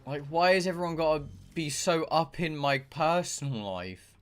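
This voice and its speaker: A man's voice: fairly high pitch, lively intonation, moderate pace, a bit bright. A young man, chatting casually and ranting with exasperation while he streams a game. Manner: ranting, exasperated, swears a lot. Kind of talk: casual chat while gaming.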